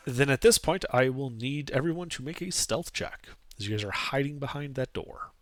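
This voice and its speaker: A man narrating as game master of a tabletop game in a casual, animated way with some hesitation. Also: mid-range voice, moderate pace, no echo, faint music behind.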